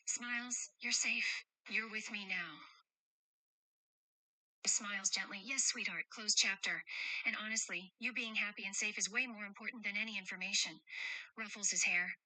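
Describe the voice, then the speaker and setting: Woman playing a gentle, teasing guardian of two kids, bright dry voice, reads her own actions aloud. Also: medium pitch, dry recording, low-quality recording. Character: caring adult woman protecting two children. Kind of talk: role-play chat read aloud with stage directions.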